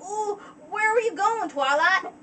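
A woman voicing an eager little farm filly pony girl with a put-on country twang, pleading and excitable. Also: very high-pitched, measured pace, distant mic, a little hiss or hum, voice pushed up, full character voice.

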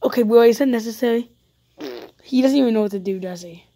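A woman narrates a roleplay game as she plays it, talking straight to her viewers. Her voice sits a little high, and she turns jumpy at once, piling up quick panicked no's. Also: mellow. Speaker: YouTuber playing a roleplay game. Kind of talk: live gameplay commentary.

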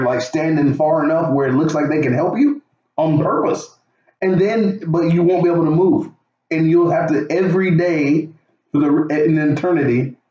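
A man preaching a casual devotional, excitable and laughing often, calling his listeners dude. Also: a little high. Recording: echoey, distant, dull room sound.

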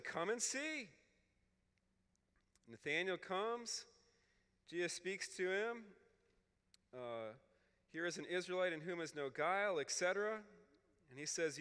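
A man teaching scripture to a room of clergy, his voice high and crisp with a bright edge. He explains step by step and often checks in with "okay?". A long reverb trails each phrase. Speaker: Bible scholar speaking at a clergy retreat.

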